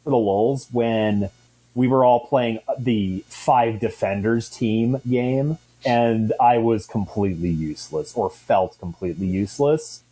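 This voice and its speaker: A man's voice: medium pitch, dark tone, breathy edge. A man in a casual chat, hedging and thinking aloud with fillers. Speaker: guest player. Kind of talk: casual chat about a game.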